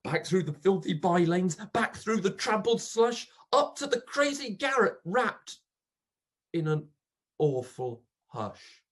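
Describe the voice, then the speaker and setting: A reader performing a dramatic poetry recitation as a grief-stricken old male pauper, bitter and accusing, swinging melodramatically from hushed to loud. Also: medium pitch, very animated, slow. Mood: anguished, bitter.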